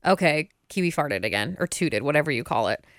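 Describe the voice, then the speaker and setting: A woman's voice: deep voice, lively intonation, fairly quick, dry recording, studio quality. A young adult woman co-hosting a podcast, chatting casually and giggling as she tells stories. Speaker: podcast co-host. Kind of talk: casual chat.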